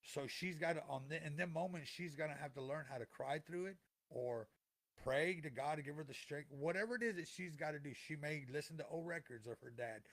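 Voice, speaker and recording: A man's voice: a little high, brisk, fairly bright tone. A middle-aged man talking earnestly to listeners as a podcast co-host, repeating phrases for emphasis in a heartfelt motivational way.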